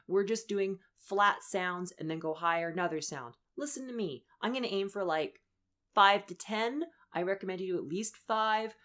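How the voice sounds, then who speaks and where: A young woman voice coach leading a lesson, upbeat and encouraging as she walks through breathing and vocal warm-ups. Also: on the low side. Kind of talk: instructional voice lesson.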